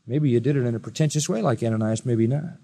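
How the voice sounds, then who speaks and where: A preacher delivering a sermon, firing rhetorical questions at listeners, swinging from loud high exclamations to quiet low asides. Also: male voice, quick pace, creaky, big-room sound. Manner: emphatic, rising to loud high-pitched exclamations then dropping quiet.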